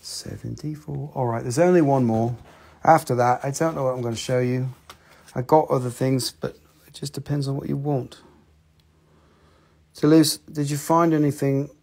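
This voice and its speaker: Man, gravelly fry in the voice, live-stream seller, teasing and self-mocking, talking into a phone. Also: mid-range voice, fairly even intonation, normal speed, long pauses, darkish tone. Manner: joking, self-mocking, swears freely. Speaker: rock and mineral seller hosting a live sale. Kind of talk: casual live-stream sales chat. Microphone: handheld phone.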